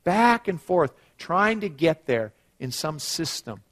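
A middle-aged man preaching a sermon, moving from quiet asides to loud, emphatic passages and telling stories. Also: a little high, very animated, slow. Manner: storytelling with acted quotes.

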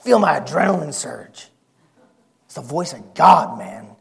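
A man preaching a folksy, excitable sermon, shouting and whispering for effect. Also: on the high side, a little slow, creaky.

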